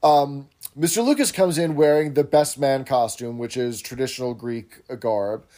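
A man's voice: mid-range voice, normal speed, warm tone. A man co-hosting a podcast, chatting in detail as he recaps a sitcom episode. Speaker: podcast co-host.

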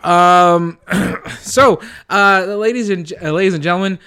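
A man's voice: high voice, unhurried, pushed and bright, smooth. Stammering man hosting a joke award show. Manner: stammering, joking. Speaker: co-host. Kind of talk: comedic award show skit.

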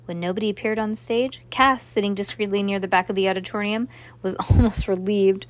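A woman's voice: mid-range voice, fairly even intonation, brisk, a little hiss or hum. A woman reading a children's novel aloud, stopping now and then to chat and react to the story. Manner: chatty, breaks off to react to the story. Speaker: reader.

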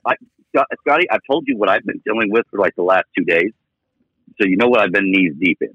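A man with a husky voice co-hosting a sports radio show, asking questions in an animated, disbelieving way. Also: deep voice, quick pace, no room sound, highs cut off. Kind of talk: casual sports radio banter.

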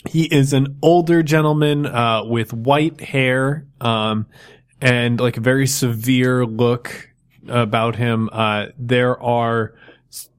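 A man's voice: medium pitch, fairly even intonation, slow pace, smooth. A man running a tabletop game as game master, narrating loosely with many restarts. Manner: rambling, loose, lots of fillers and restarts.

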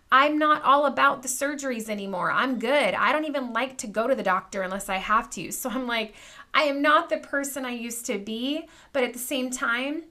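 A woman's voice: a little high, bright, forceful tone. A woman in her thirties hosting a podcast, telling a personal story in a candid, confiding way and talking straight to her listeners. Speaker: podcast host.

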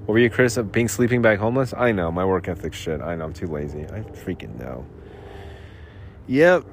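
A man hosting a solo podcast, rambling sarcastically about his day, clearing his throat and coughing now and then as he comes down with a cold. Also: deep voice, expressive, a little hiss or hum. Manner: sarcastic, self-mocking, puts on quick voices for quotes. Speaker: podcast host.

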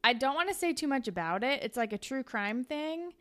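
A woman's voice: sits high, animated, a little fast, fairly bright tone. A young woman co-hosting a podcast, chatting casually and making up a story on the spot, full of "like" and fillers. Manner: chatty, filler-heavy with lots of "like". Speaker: podcast co-host. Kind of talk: casual podcast chat, improvising fan fiction.

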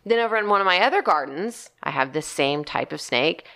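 A woman co-hosting a casual chat, telling a garden story in an animated way and acting out her own reactions. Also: on the low side, fairly quick. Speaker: podcast co-host and gardener.

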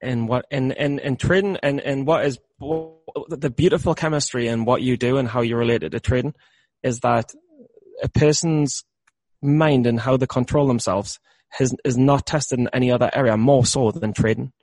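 A man's voice: medium pitch, moderate pace, darkish tone, no echo. A man talking candidly about his trading habits, rambling and repeating words, laughing at himself now and then. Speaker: trader.

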